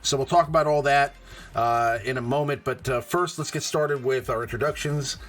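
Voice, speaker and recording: A man hosts a casual live stream about a mobile game, sounding laid-back and chatty. He fills his talk with "uh"s and easy, self-amused laughs, speaking at a moderate pace in a medium-pitched, slightly bright voice.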